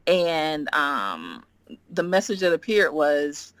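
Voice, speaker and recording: A woman guest on a podcast telling a story in animated chat, often acting out what she and others said. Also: sits low, a little slow. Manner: lively, quotes herself and others in acted voices, frequent "like".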